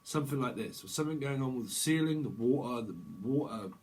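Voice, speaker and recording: A man's voice: medium pitch, fast talker, darkish tone, low-quality recording. A man giving a rambling tarot reading, swearing and laughing as he talks. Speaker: tarot reader. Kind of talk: casual tarot reading monologue.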